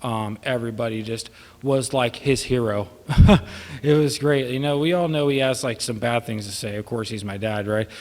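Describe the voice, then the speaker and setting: Speaking at a moderate pace with an ordinary middle pitch, a son delivers an unscripted, informal eulogy for his father in a church hall. His words ramble and fill with hesitations as he drifts from tearful laughter to quiet sadness, each phrase trailing off in long reverb.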